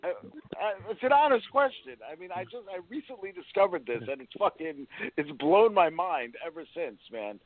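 A man co-hosting a casual podcast, talking excitedly with lots of swearing and stumbling restarts. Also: high-pitched, moderate pace. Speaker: podcast co-host. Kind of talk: casual chat. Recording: dry, tinny phone-like sound.

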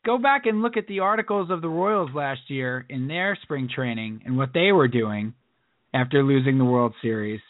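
A man co-hosting a casual sports podcast, animated and jokey, often slipping into impressions. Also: medium pitch, no echo. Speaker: podcast co-host. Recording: dry tinny phone-like sound.

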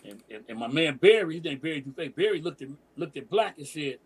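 A middle-aged DJ and emcee from Detroit holds the floor as a podcast guest, spinning a long tale in loose street slang. His voice sits a bit high for a man and has a husky, slightly rough grain. He jumps into the voices of the people he quotes as he goes. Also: fast talker, low-quality recording. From Detroit, USA. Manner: animated storyteller, profane slang, acts out quoted dialogue. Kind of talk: casual storytelling interview.

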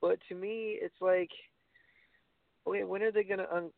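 A man's voice: high voice, fairly even intonation, moderate pace, vocal fry, no echo. A man co-hosting a casual wrestling talk show, giving blunt opinions with swearing and frequent restarts. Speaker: wrestling podcast co-host. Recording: phone-like, dry.

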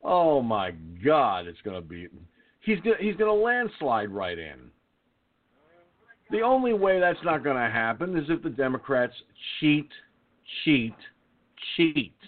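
A man's voice: mid-range voice, wildly swooping pitch, moderate pace. A man hosting an online call-in radio show, ranting profanely and blustering as he repeats himself. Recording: thin phone-like line.

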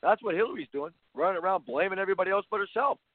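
A man's voice: high voice, expressive, racing, creaky, no echo. Blunt ranting man on a phone line. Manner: blunt, ranting, repetitive, sarcastic. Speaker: basketball coach and show host. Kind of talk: opinionated talk-radio rant. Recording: phone-line sound, dry.

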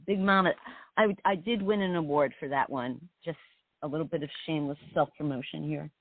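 A woman poet on a radio interview wanders reflectively through her thoughts, speaking briskly in a low voice. The phone line sounds tinny, though there's no echo.

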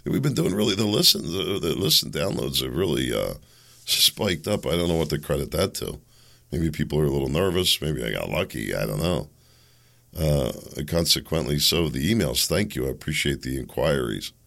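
Man, talk radio host, deep voice, gravelly, blunt and sarcastic. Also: very animated, moderate pace, fairly bright tone.

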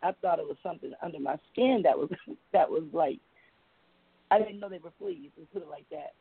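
A woman's voice: deep voice, brisk, gravelly, breathy edge, no echo. A woman calling in to an open-mic poetry radio show, chatty and laughing a lot as she talks. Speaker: caller reading a poem. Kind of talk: casual phone chat. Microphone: phone call. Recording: tinny phone line.

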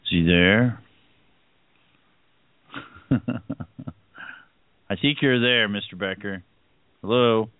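A man's voice: lowish voice, extremely slow, long pauses, dry recording. A man hosting a casual radio chat, easygoing and rambling, with many fillers and chuckles. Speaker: host. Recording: tinny phone-like line.

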